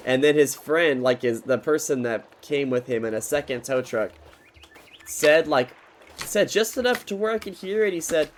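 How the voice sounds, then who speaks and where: There's slight background noise as a young man speaks at a moderate pace in a mid-range voice. In his twenties, he's playing a game and venting a frustrated, profanity-heavy story, rambling loosely and often starting over.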